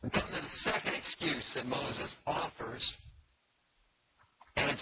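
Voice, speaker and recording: A man of middle pitch gives a careful Bible lesson and explains the passage step by step. He pauses often and fills gaps with small hesitations. Steady hiss and faint clicks run under the recording. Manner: measured, explanatory, with pauses and fillers. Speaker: Bible teacher.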